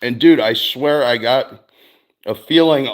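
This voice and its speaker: A middle-aged man talks loosely and at length, like he is chatting with viewers on his stream. His voice sits at a medium pitch. He swears freely, drifts from one thought to the next, and breaks into laughter often. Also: a little slow. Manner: rambling, profane, laughs often. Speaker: streamer host. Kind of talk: casual chat.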